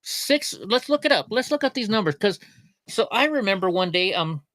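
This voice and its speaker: A man's voice: sits high, lively intonation, moderate pace, a bit bright, no room sound, clean studio sound. A middle-aged man from Alaska hosting a casual livestream, rambling and joking as he reads chat comments aloud. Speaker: livestream host.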